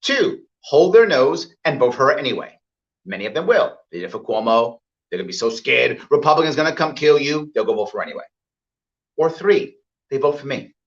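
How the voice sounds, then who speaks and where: A man delivers a campaign speech, pounding home each point and repeating it for effect. His pitch swings widely, rising high for emphasis and dropping low. The recording is dull and lo-fi. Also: sing-song, fairly quick. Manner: emphatic, repeats points, acts out quoted voices. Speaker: political candidate. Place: event hall with live audience.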